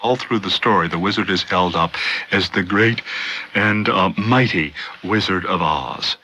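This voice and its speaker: A man's voice: low voice, a little slow, pushed and bright, slight background noise, low-quality recording. A man giving unscripted literary commentary, thoughtful and hesitant, with frequent fillers.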